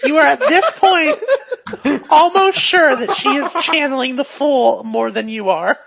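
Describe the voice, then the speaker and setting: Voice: high-pitched, lively intonation, measured pace, gravelly, dull audio, a crowd in the background. A game master narrating a tabletop game with playful, laughing asides.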